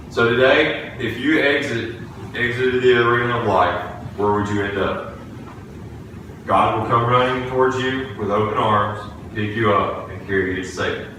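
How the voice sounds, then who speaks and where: A man delivers a sermon, weaving in a childhood story with earnest, halting restarts. His low voice has a bright, forceful edge. He sounds set back from the microphone in a very echoey church room. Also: a little hiss or hum. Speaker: preacher. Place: church sanctuary. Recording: echoey room, distant from the mic.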